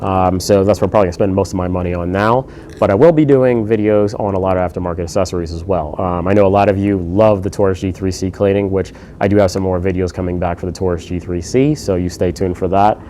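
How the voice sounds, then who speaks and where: A man giving a casual, laid-back firearms review, swearing freely and filling pauses with lots of ums and uhs. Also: low-pitched, fairly even intonation, warm tone, slight background noise.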